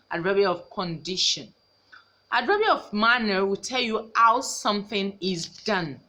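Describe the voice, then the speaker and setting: A woman teacher from Nigeria giving a recorded grammar lesson, slowly repeating each example sentence. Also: medium pitch, fairly bright tone.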